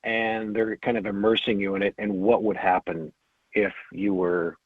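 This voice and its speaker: A man's voice: fairly low pitch, flat delivery, moderate pace, no room sound. A man chatting casually as a guest co-host, joking and rambling. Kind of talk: casual chat. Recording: tinny phone-line sound.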